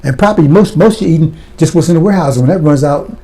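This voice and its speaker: A man's voice: a little high, fast, mellow. A man preaching a fiery sermon, blunt and impassioned, firing rhetorical questions at his listeners.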